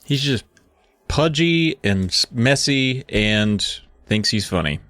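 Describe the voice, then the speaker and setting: A man's voice: mid-range voice, lively intonation, slow, a bit bright. A man co-hosting a podcast, chatting casually in a playful, self-mocking way. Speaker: podcast co-host.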